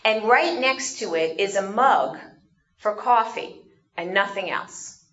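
A woman giving an animated storytelling talk, asking her audience questions as she goes. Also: medium pitch, takes it slowly, muffled recording. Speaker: speaker.

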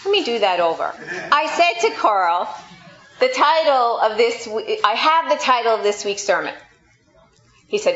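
A woman from New York delivers a sermon, her voice sitting a bit high. She tells everyday stories with a playful, sarcastic edge. The sound is echoey and a little dull, as if recorded in a large room. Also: very animated, normal speed, a bit bright. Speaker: pastor.

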